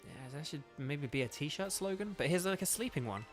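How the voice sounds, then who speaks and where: Soft music runs under this Northern Irish man's let's-play commentary, which wanders with plenty of fillers and false starts. The gaming YouTuber and voice actor speaks briskly, with a higher pitch and lively intonation.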